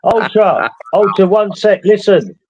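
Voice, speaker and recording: A man's voice: high voice, lively intonation, unhurried, highs cut off, noisy background. A man on his phone, explaining in a hurry in casual chat.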